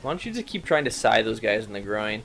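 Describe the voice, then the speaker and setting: A man's voice: fairly low pitch, sing-song, fast talker, vocal fry, a bit bright, faint music behind, low-quality recording. A man co-hosting a casual let's-play, joking and trash-talking over a retro arcade game. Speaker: gaming show co-host.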